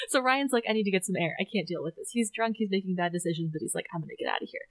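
A woman co-hosting a podcast, recapping a story in animated casual chat, acting out quotes and laughing. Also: medium pitch, fast talker, no echo, low-quality recording. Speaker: podcast co-host.

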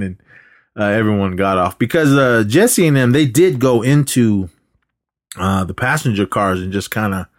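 Man, low voice, dry close sound, rambling film recap, lots of fillers. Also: dry recording. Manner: rambling retelling with filler words and quoted lines. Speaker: podcast co-host.

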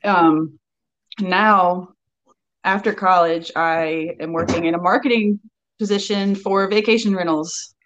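Young woman, outer banks island brogue, relaxed rambling storyteller, podcast guest. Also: lowish voice, unhurried, dull audio. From Outer Banks, North Carolina. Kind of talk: casual chat.

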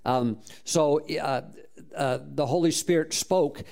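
A man's voice: fairly high pitch, slow, creaky, a little mellow. A man preaching a sermon as a pastor, telling a story with fervent praise and frequent restarts. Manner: repeats words while restarting phrases.

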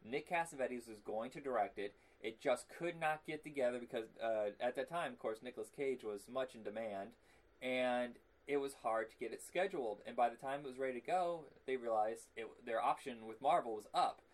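A man co-hosting a podcast in casual chat, animated and quick to laugh. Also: medium pitch, rough recording. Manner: animated, laughs easily, breaks into silly impressions. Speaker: podcast co-host.

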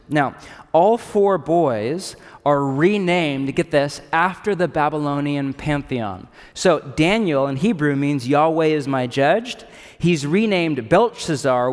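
A pastor preaching a sermon in an animated, casual, joking way. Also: male voice, on the high side, long reverb tail. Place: church in a city.

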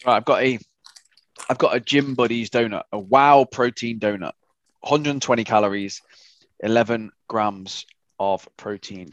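A man's voice: lowish voice, moderate pace, dull audio. A young British man in a casual chat, blunt and opinionated as he reviews food with a co-host. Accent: British English.

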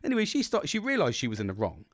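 A man's voice: a little high, rapid-fire, no room sound, clean studio sound. A man telling a long story in a rambling monologue, swearing freely and acting out what people said. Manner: rambling, swearing, animated, acts out quotes.

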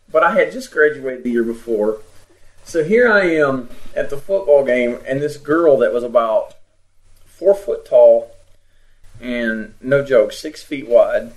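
A man co-hosting a comedy podcast, telling stories in an animated, exaggerating way. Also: medium pitch, poor audio. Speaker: podcast co-host. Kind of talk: comedic storytelling.

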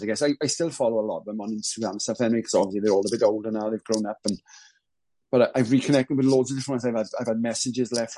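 A man with a Welsh accent, a former band drummer, telling rambling, excitable stories as a podcast guest. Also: mid-range voice, dry recording, low-quality recording. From Wales. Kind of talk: casual podcast chat.

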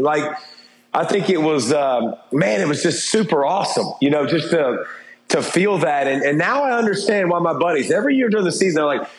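With an animated, high-side voice at a moderate pace, a middle-aged interview guest, once a TV football analyst, talks candidly and casually. His rambling includes restarts and fillers, over a roomy echo and slight background noise.

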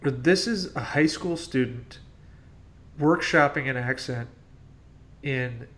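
A man's voice: mid-range voice, takes it slowly, a bit bright. Blunt ranting male podcast host. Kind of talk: casual movie-review chat.

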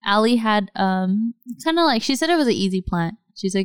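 A woman chatting casually and telling stories with lots of animation, filling her talk with "like" and jumping up in pitch when she quotes friends. Her voice is smooth and clear, and it sounds dry and close to the mic. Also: brisk, dry recording. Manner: animated storytelling, lots of "like", acts out quotes in a higher voice. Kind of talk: casual chat.

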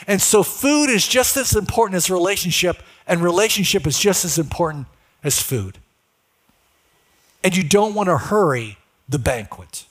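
High-voiced preacher man. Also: a bit bright. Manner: conversational, asks the congregation questions. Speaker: pastor. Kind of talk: sermon.

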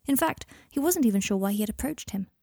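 A woman reading a story aloud in a calm, even storytelling manner. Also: mid-range voice, fast, vocal fry, no room sound, studio quality. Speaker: audiobook reader. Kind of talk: scripted narration.

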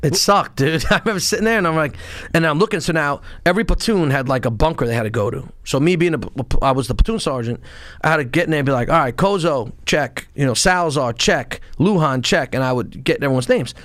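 A man telling war stories in a casual interview, profane and animated, acting out what people said. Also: on the high side, quick pace, no echo, studio quality. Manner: animated, profane storytelling with quoted voices. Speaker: podcast guest, former Marine and police sergeant.

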